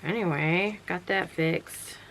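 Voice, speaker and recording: A woman's voice: on the low side, slow pace, a bit bright, a little hiss or hum, low-quality recording. A tired woman chatting casually and rambling at home late at night, with lots of fillers and restarts. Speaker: vlogger running a small sewing business. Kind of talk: casual chat. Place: home workroom.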